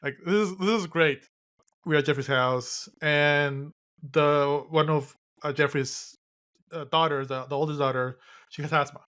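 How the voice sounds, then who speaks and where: Male podcast co-host, casual and wry, halting rambling delivery. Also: fairly high pitch, steady tone, pushed and bright. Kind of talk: casual chat recapping a film.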